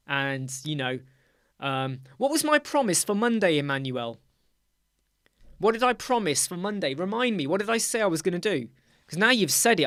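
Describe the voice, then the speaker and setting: A man's voice: a little high, a bit bright, no room sound. Chatty middle-aged British man, dry sound. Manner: chatty, addresses viewers by name, teasing. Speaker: livestream host. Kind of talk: casual live chat with viewers.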